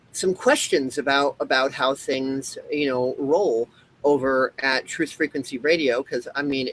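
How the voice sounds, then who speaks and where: A man's voice: on the high side, a bit bright, a little hiss or hum, poor audio. A man hosting a show, ranting in a rambling monologue full of fillers and restarts. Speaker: show host.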